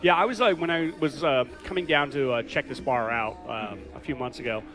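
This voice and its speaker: A man's voice: mid-range voice, fairly quick, rough recording. A man hosting a casual podcast chat in a pub, rambling with lots of fillers and restarts. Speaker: podcast host. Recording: pub with clear background music.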